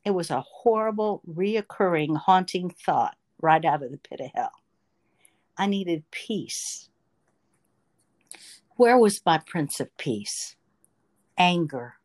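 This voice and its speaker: A woman's voice: on the low side, expressive, takes it slowly, pauses often, darkish tone. A woman telling a personal faith testimony in an earnest, emotional storytelling manner. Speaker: testimony speaker.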